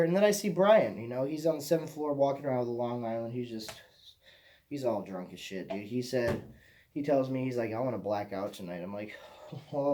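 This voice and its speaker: A young man from Michigan tells a long, rambling story, swearing freely and circling back over his own words. His voice sits at a middling pitch with a soft, mellow tone. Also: a little hiss or hum. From Michigan, USA. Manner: profane, rambling, repeats himself. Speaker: vlogger.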